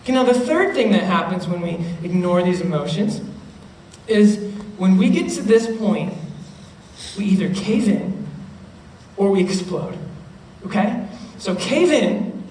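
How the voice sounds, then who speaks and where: High-voiced man, lively youth speaker. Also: a little slow. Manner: animated, acts out students' voices, keeps checking in with the listeners. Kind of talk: youth talk to middle schoolers. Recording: roomy, distant mic with faint noise.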